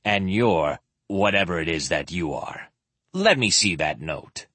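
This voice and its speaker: A man voicing a drunk, cynical male mercenary with a slurred, mushy voice, pitched lower than his own. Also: expressive, a little slow, bright, forceful tone, husky, dry recording, heavily acted. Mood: sardonic.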